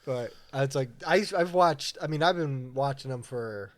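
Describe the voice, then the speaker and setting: A man's voice: mid-range voice, unhurried. A young adult man co-hosting a podcast, chatting casually and laid-back, often agreeing with his friend. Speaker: podcast co-host. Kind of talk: casual chat.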